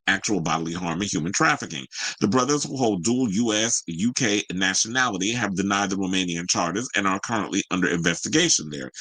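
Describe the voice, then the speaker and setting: A man talks through celebrity headlines in a casual, joking way and drops into sarcastic side comments. His voice sounds slightly husky. It is recorded dry and close to the mic. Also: fairly low pitch, bright, forceful tone, no echo, low-quality recording. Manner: loose, joking, sarcastic, colloquial. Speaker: host of a celebrity news show. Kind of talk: casual commentary, reading news with asides.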